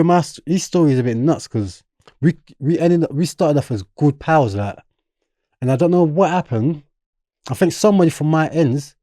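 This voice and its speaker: A man's voice: medium pitch, no echo, clean studio sound. A young man with a South London accent, a podcast guest telling a story in casual street slang and acting out what others said. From London, England. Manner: animated, street slang, acts out quotes.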